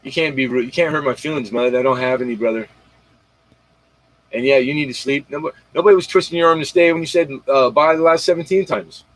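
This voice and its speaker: A livestream host runs a casual late-night stream, rambling in slang, talking straight to his viewers, and retelling comedy bits. His voice is mid-range and fast, and the recording is rough with no room sound.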